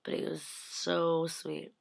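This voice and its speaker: A woman's voice: deep voice, flat delivery, slow pace, gravelly. A young woman gushing and rambling about meeting celebrities, filling her talk with "like" and acting out what people said. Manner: acts out quotes in shifting voices. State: slightly sick. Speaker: vlogger. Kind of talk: casual recap of a fan convention.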